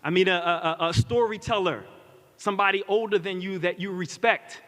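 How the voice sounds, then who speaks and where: A man's voice: high-pitched, brisk, a bit bright. A man, giving an earnest commencement speech and repeating key lines for emphasis. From Philadelphia. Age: 40s. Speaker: commencement speaker. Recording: reverberant hall.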